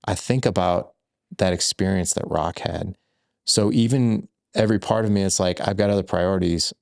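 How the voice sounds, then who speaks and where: Man, podcast guest, very low pitch, rambling animated storytelling, lots of filler words. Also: moderate pace, creaky, no echo, clean studio sound. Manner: animated storyteller, acts out quoted lines. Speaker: guest, fatherhood coach.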